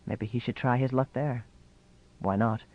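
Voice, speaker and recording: A man's voice: mid-range voice, fairly even intonation, a little slow, dry recording. Man narrating a novel, dry lo-fi sound. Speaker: audiobook narrator. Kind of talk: scripted narration.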